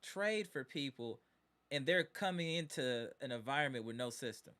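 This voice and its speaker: A man's voice: mid-range voice, expressive, normal speed, bright, forceful tone, clear, resonant tone. A man hosting a live sports stream, ranting in exasperation as a disappointed fan and repeating his points. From Wisconsin.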